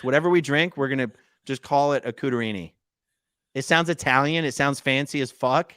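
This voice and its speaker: A man's voice: medium pitch, animated, moderate pace, a bit bright, smooth, dry recording, studio quality. Playful man reading out viewer comments. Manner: playful and teasing, reads comments aloud in bursts. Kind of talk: casual chat.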